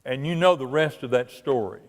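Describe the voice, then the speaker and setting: A man preaching a sermon as a guest preacher, telling stories slowly and leaning on key words. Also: medium pitch. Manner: slow, deliberate storytelling with drawn-out emphasis. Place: church sanctuary. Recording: long church reverb.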